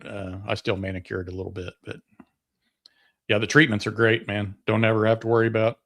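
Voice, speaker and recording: A man co-hosts a sports podcast in a relaxed, rambling way with lots of fillers. His voice sits somewhat low. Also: a little fast, gravelly. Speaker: podcast co-host. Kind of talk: casual sports chat.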